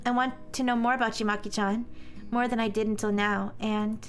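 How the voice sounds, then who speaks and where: A woman voicing a gentle, caring senior schoolgirl who speaks in a soft, reassuring way in a visual novel. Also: fairly high pitch, level tone, brisk, soft background music, voice pushed down, close to an everyday voice. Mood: tender.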